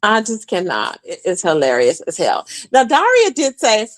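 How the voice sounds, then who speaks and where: A woman hosting a casual livestream, gossiping with viewers in an animated, chatty way and calling them "child" and "boo". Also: mid-range voice, moderate pace, dry recording, studio quality. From Texas.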